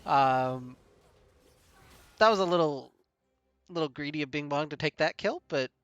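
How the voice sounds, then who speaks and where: A man casting a live esports match play-by-play, brisk and chuckling often between calls. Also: a little high, a bit bright, smooth, no room sound. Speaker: play-by-play caster.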